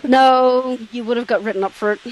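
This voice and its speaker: A woman's voice: fairly high pitch, fairly even intonation, a little fast, a crowd in the background, poor audio. A woman from Northern Ireland with a Northern Irish accent, telling blunt stories about working in a call center in casual chat. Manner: blunt storytelling.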